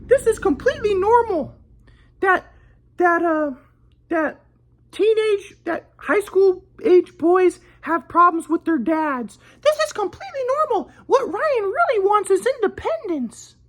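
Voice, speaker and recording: A man imitating his calm, preachy older grandfather in a slow, lecturing way. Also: very high-pitched, voice pushed up, full character voice.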